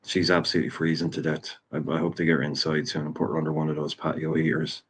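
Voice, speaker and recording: Low-voiced Irish man, blunt and chatty. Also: flat delivery, fast, slight background noise, low-quality recording. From Ireland. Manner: chatty and blunt, swearing freely. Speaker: streamer hosting a watchalong. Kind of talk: casual live commentary.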